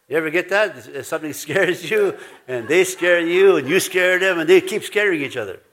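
A man's voice: fairly high pitch, brisk, fairly bright tone. A man preaching a sermon, telling rambling stories with restarts, laughter and many asides. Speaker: pastor.

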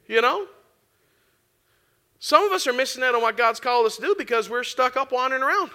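Guy preaching a sermon, pretty high voice, bright and homey, keeps going amen and come on. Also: animated, fairly quick, long pauses.

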